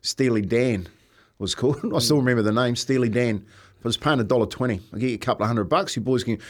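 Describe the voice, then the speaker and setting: A man with a New Zealand accent telling a story on a radio panel, chuckling as he goes. His voice sits at a middling pitch. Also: quick pace. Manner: laughing through his stories, restarts. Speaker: radio co-host, former coach. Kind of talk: casual anecdote.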